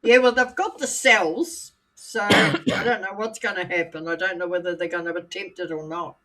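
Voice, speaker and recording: A woman's voice: fairly low pitch, a bit bright. A woman from New Zealand with a Scottish-tinged New Zealand accent, chatting playfully on a live stream. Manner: playful, teasing, quick to laugh. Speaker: guest. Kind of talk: casual live-stream chat.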